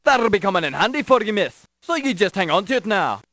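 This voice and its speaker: An actor playing a brusque Irish police desk sergeant in an adventure game, speaking in a dismissive brogue. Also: male voice, high-pitched, big pitch swings, fast talker, pushed and bright, slight background noise, full character voice. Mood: gruff. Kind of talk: 1990s adventure game voice acting.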